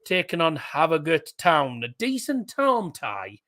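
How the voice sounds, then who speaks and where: A man hosts a live stream, reading out cup ties one after another and answering the chat between them. His voice sits a little high and sounds bright and forceful, with a casual, conversational delivery. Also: huge pitch swings, unhurried. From England. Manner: chatty, reads out fixtures and answers live chat. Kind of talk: live draw commentary.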